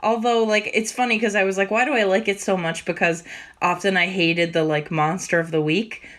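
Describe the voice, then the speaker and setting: A woman co-hosting a casual podcast chat, enthusiastic and quick to laugh. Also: mid-range voice, fairly even intonation, a bit bright. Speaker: podcast co-host.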